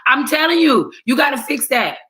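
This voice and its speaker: A woman's voice: sits high, moderate pace. A woman in her forties with a New York accent, chatting casually and sassily as a host. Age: 40s. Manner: animated, sassy, quotes people in voices. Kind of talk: casual chat.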